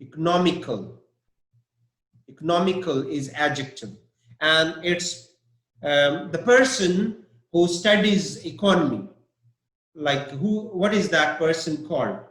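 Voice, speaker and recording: A man's voice: fairly high pitch, expressive, a little slow, a bit bright, echoey room, rough recording. A man teaching an English vocabulary lesson, spelling out words letter by letter and stressing syllables.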